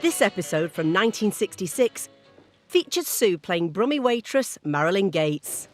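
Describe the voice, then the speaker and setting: A woman reading a documentary narration in a smooth, lively storytelling delivery. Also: medium pitch, moderate pace, faint music behind. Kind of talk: scripted narration.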